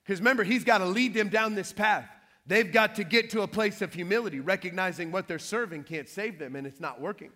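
A man preaching a sermon, telling a Bible story with lively, joking asides. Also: sits high, fairly quick, long reverb tail. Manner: lively storytelling with playful trash-talk asides. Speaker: pastor.

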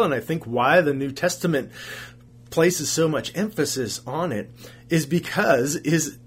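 A man's voice: mid-range voice, breathy edge. A man preaching a sermon as a pastor, earnest, asking rhetorical questions and repeating phrases for emphasis.

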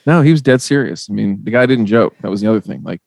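Midwestern male podcast host, gravelly and fairly low, dry close sound; casual, salty, animated storyteller. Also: quick pace, dry recording. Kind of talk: casual chat.

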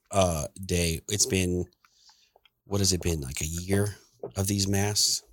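A man's voice: sits low, slow pace, no echo, clean studio sound. A middle-aged man co-hosting a podcast, telling rambling stories in casual chat and laughing often. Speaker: podcast co-host.

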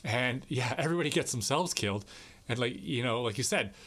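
A man's voice: medium pitch, expressive, a little fast, fairly bright tone. A man co-hosting a podcast, talking emphatically about a film with plenty of filler words and the odd curse. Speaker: podcast co-host. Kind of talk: casual film discussion.

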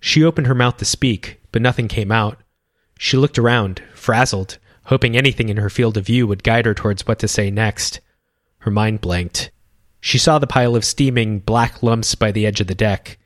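A man reading a children's adventure story as narrator, calm and even. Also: lowish voice, normal speed, no room sound, clean studio sound. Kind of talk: scripted narration.

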